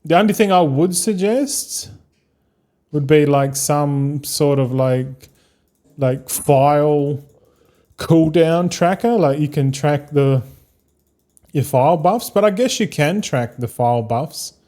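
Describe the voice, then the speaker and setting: Streaming a game, a thirtysomething Australian man talks with viewers in a slightly high, mellow voice, taking it slowly. The live-stream chat is casual, rambling, and laid-back, with plenty of free swearing.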